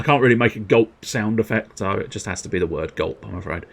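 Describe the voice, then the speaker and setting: A man's voice: fairly low pitch, brisk, gravelly, few pauses. A man giving casual, rambling commentary on a game stream, full of self-amused asides.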